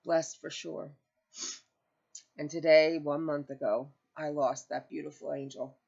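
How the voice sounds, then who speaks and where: A woman's voice: sits low, level tone, measured pace, creaky, a little mellow, slightly rough. A woman talking casually to her viewers from home, rambling and tearful as she shares personal news. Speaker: crochet vlogger. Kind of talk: casual chat to camera. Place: home, with pets nearby. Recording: dull lo-fi home video audio.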